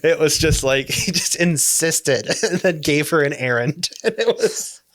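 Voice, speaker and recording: A man's voice: on the high side, measured pace, no echo. A man on a comedy podcast, telling an awkward story and laughing through it. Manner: animated anecdote, laughing through it. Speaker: podcast contestant. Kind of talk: casual comedic chat.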